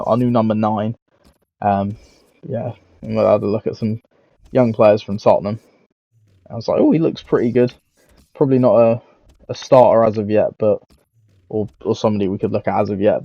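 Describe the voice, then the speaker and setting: A man's voice: on the low side, darkish tone, dry recording, dull audio. A young man giving casual, rambling, self-mocking commentary on a football career game, swearing freely. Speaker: gaming YouTuber.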